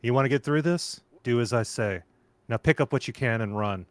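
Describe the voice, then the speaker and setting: A man putting on a gruff female road warrior with an attempted white South African accent. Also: medium pitch, a little fast, dry recording, voice pushed down, lightly acted. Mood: commanding.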